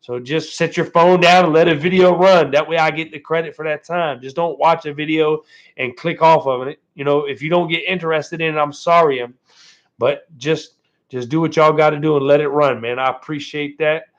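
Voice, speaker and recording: Male live streamer, casual, slightly high voice, easygoing chat from home, leans on "man", muffled lo-fi audio. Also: fairly even intonation, normal speed. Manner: laid-back, ends phrases with "man", keeps thanking viewers.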